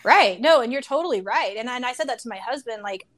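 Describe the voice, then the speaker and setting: Woman, fairly high pitch, chatty, casual conversation, lots of fillers. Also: lively intonation, fast talker, fairly bright tone. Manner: chatty, fills with "like" and "you know".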